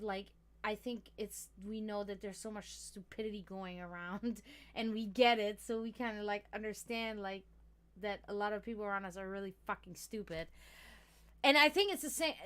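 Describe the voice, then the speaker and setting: A woman's voice: medium pitch, a bit bright, clean tone. A woman hosting a casual livestream, rambling freely, swearing a lot and laughing often as she talks. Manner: chatty, profane, laughs often. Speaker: livestream host.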